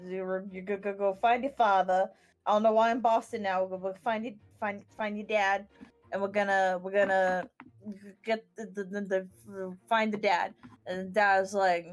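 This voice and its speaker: A woman's voice: medium pitch, steady tone, normal speed, darkish tone, faint music behind. A woman on a tabletop game podcast giving a loose, scattered recap, restarting sentences, swearing and laughing. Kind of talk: casual rambling chat.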